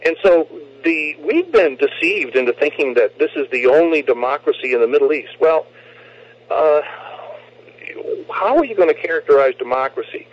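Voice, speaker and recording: A man talking politics on a radio show, emphatic and often repeating words as he restarts. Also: a little high. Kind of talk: political talk radio discussion. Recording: muffled lo-fi radio recording.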